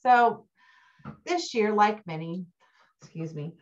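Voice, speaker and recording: A middle-aged woman giving a motivational keynote talk, telling stories with animated energy and climbing high when excited. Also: slow pace. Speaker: keynote speaker. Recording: dull lo-fi recording.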